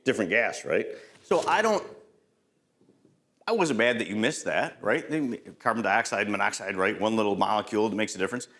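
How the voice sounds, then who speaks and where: A middle-aged safety trainer with a fairly low voice talks a little fast as he gives a conversational lecture. He quizzes his audience, keeps saying "right?", and tells lively stories from the job.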